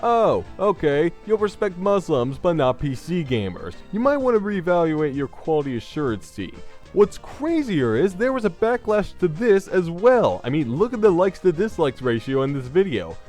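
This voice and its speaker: A man delivers scripted gaming commentary in a sarcastic, crude tone. His voice sits a little high and leaps around with animated, lively pitch swings. Soft music plays quietly underneath. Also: moderate pace. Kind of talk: scripted video game commentary.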